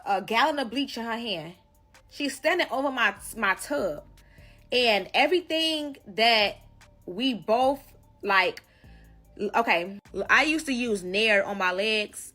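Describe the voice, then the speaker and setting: A woman telling a personal story in a casual storytime, animated and emphatic, cursing freely. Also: on the high side.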